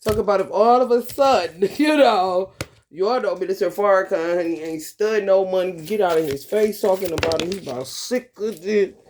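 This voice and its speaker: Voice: mid-range voice, moderate pace, darkish tone, a little hiss or hum. A vlogger talking in a loose, profane monologue, laughing often and calling listeners honey and baby. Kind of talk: casual monologue.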